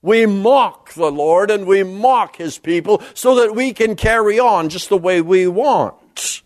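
High-voiced, slow-preaching man. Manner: reads scripture aloud with sweeping rises and drops in pitch. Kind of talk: sermon.

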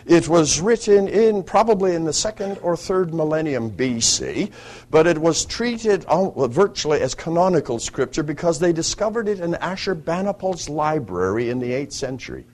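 A man's voice: a little high, animated, moderate pace, a little mellow. A man leading morning devotions as a preacher, explaining scripture in a devotional teaching talk with explanatory asides.

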